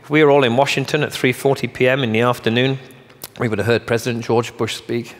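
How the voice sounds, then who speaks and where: In a large conference hall with long reverb, a man gives a motivational keynote from the stage. He's a fast talker with a medium pitch and level tone, emphatic and punchy, tossing in jokes and rhetorical questions.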